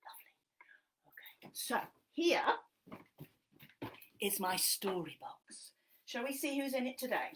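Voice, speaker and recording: A woman telling a story to young children, speaking gently and softly. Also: on the high side, lively intonation, measured pace, long pauses, a little hiss or hum.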